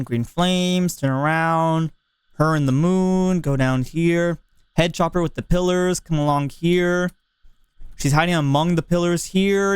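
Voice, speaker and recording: A man's voice: fairly high pitch, clear, resonant tone, no room sound. A man streaming a park-building game, casually thinking aloud and chatting with viewers in a playful way. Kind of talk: casual livestream chat while building.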